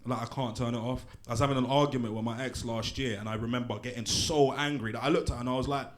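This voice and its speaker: Brash comedian on stage. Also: male voice, medium pitch, fairly even intonation, fast talker. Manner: crude, punchy, swears a lot, teases the crowd. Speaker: stand-up comedian. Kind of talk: live stand-up set. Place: small comedy club in a pub.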